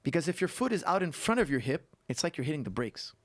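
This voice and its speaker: A man who is a guest coach on a podcast, telling stories and explaining technique in an animated way that repeats points for emphasis. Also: on the high side, fast, no echo. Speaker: guest martial arts coach. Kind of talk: casual podcast conversation.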